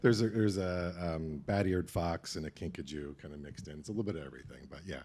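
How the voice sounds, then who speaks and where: A man, a sound designer, explaining his work in a relaxed, plain way in a casual interview. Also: deep voice, quick pace.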